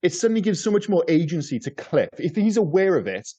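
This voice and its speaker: Guy rambling on a film podcast, kinda high but mellow voice, dull lo-fi mic. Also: big pitch swings, fast talker. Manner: rambling, repeats words, swears casually. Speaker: podcast co-host. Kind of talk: casual film review chat.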